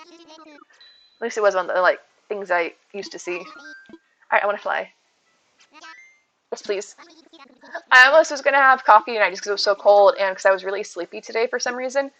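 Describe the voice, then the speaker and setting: A woman's voice: mid-range voice, pushed and bright. A woman live-streaming from home, chatting casually and upbeat with her viewers and thanking them as she plays. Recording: dull lo-fi stream audio.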